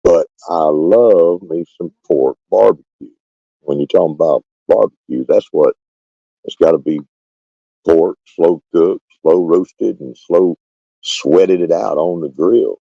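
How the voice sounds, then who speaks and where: A man with an extremely low, gravelly voice drawls through casual banter. His tone is dark and mellow, and the recording is dry and muffled. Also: no echo. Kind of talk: casual chat.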